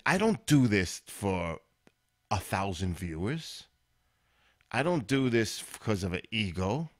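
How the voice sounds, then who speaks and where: A man hosting his own live stream, chatting casually and rambling as he talks straight to viewers in chat. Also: on the low side.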